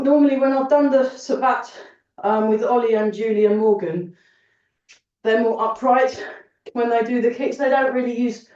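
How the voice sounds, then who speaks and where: Woman instructor, out of breath, counting reps, slow talker, echoey distant sound, dull recording. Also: a little high, darkish tone. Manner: cheerful, chatty, counts aloud. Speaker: fitness and tai chi instructor. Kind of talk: counting through an exercise class. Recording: roomy echo, distant mic, dull sound.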